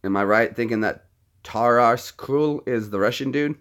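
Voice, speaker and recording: A man with a fairly low, slightly bright voice talks fairly quickly as he chats casually with his stream audience between impressions, rambling and friendly throughout.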